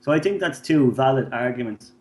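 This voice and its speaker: A man's voice: mid-range voice, expressive, fairly quick, darkish tone. A man, co-hosting a podcast and telling profane stories in casual chat, acting out the people in them. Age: 30s. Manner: swearing storyteller, acts out voices in anecdotes. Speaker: podcast co-host.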